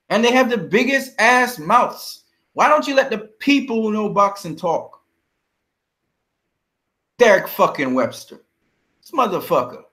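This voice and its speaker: A man's voice: high-pitched, pushed and bright. A man vlogging about boxing in a heated, profane, confrontational rant. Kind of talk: ranting fight commentary.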